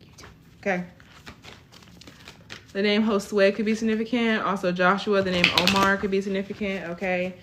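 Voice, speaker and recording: A woman's voice: mid-range voice, level tone, moderate pace, pauses often, heavy background noise. A woman in her twenties giving a casual live tarot reading, chatty, tagging almost every line with "okay?". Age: 20s. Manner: chatty, tags lines with "okay?". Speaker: tarot reader.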